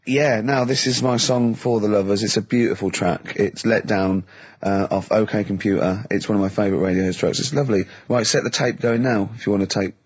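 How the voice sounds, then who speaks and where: A man's voice: on the low side, steady tone, brisk, husky, highs cut off. A man, hosting a radio show with casual, jokey banter into a studio microphone. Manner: jokey, playful teasing.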